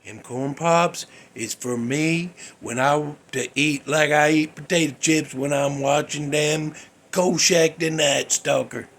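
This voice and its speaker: Guy with a raspy gravelly voice rambling thru a crazy dream story, kinda fed up. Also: fairly high pitch, fairly even intonation, slow, fairly bright tone. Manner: rambling, folksy, exasperated. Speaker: host. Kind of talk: comedic storytelling monologue.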